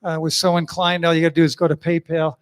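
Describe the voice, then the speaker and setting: A man's voice: a little high, little pitch movement, fast talker, clear, resonant tone. A man hosting a living room concert, chatting casually and rambling between songs with plenty of fillers. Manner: rambling, folksy, full of fillers and asides. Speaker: singer-songwriter hosting an online concert. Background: guitar.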